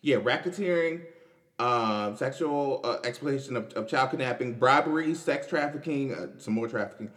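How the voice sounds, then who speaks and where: A man's voice: medium pitch, normal speed, a bit bright. A young man, hosting a casual podcast and commenting on news in a loose, chatty way with restarts and laughs. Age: 20s. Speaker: podcast host.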